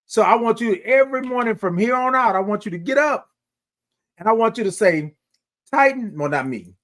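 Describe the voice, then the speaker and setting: A man's voice: sits high, expressive, brisk, a bit bright. A man hosting a morning livestream in a casual, exuberant way, reading out chat comments and sometimes singing his greetings.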